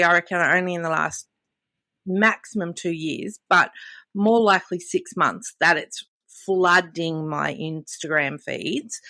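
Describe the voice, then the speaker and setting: A woman's voice: lowish voice, gravelly, bright, forceful tone, dry recording. A woman in her fifties, chatting candidly on a podcast and telling stories full of quoted dialogue. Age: 50s. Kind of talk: casual podcast conversation.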